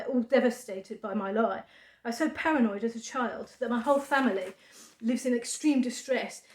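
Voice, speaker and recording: A woman talking to camera in a halting monologue of dry sarcasm, full of fillers. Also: a little high, a little mellow. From United Kingdom. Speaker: vlogger. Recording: echoey room.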